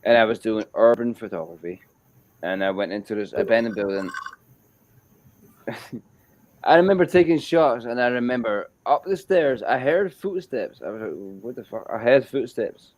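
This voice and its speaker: A man with a Scottish accent telling a story in a casual chat, animated and repetitive and swearing freely. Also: mid-range voice, moderate pace, slight background noise, poor audio.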